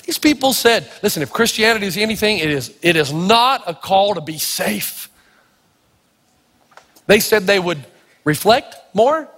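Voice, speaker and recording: Here a Tennessee preacher speaks a little slowly in a high voice, weaving stories into his sermon. Acting out the characters' lines in raised voices, he comes across as an animated storyteller, and a long hall reverb trails his words.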